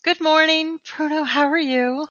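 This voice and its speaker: A woman doing a sunny, eager young clerk with a high, bright voice that trips over its words. The sound is dry and a little dull, close to the mic. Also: fairly even intonation, moderate pace, no echo.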